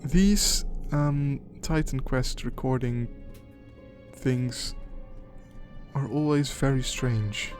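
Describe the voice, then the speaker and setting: A young man giving casual, rambling, crude and jokey commentary over a game he is playing. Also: on the high side. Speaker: gaming commentator. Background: background music.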